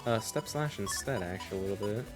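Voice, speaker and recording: A man's voice: fairly low pitch, fast. A man casually talking over his own recorded gameplay as a streamer, rambling, laughing often and padding his sentences with filler. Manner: rambling, laughs often, repeats "a little bit". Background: faint game music.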